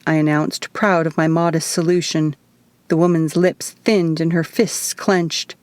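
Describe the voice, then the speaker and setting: A woman narrating her own novel aloud in the first person, at a measured storytelling pace. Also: low-pitched, fairly even intonation, a little mellow, no echo. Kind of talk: audiobook narration.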